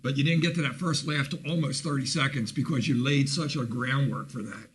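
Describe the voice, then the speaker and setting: A man with a church background judging a comedy contest, giving a measured, analytical critique. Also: medium pitch, fairly even intonation, a bit bright, slight background noise.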